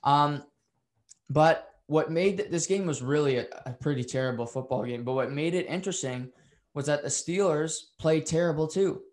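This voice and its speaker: A man's voice: fairly high pitch, normal speed, a little mellow. A man giving an unscripted, opinionated recap of a football game, rambling with fillers and restarts and getting heated over calls he dislikes. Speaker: football commentator.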